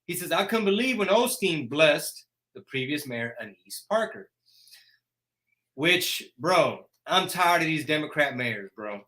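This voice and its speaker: A man's voice: on the high side, sing-song, unhurried, bright, forceful tone. A man, hosting a casual live chat in a brash, joking rant. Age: 40s. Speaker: host.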